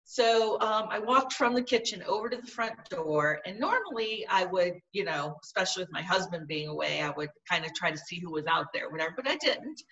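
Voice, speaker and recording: A woman's voice: on the low side, big pitch swings, a little fast, few pauses, fairly bright tone, recorded from a distance, lo-fi sound. A woman guest in an interview, telling a personal story in an earnest, vivid way. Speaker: podcast guest.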